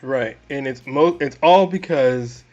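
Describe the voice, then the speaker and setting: A man co-hosting a casual movie review podcast, animated, restarting his sentences often. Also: medium pitch, slow, lo-fi sound, faint music behind. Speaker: podcast co-host.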